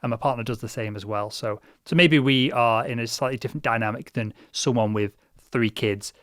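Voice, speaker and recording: A man's voice: mid-range voice, a bit bright, no echo. Chatty man with a dry sound. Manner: chatty, halting, many restarts and fillers. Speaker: podcast host. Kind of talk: casual chat.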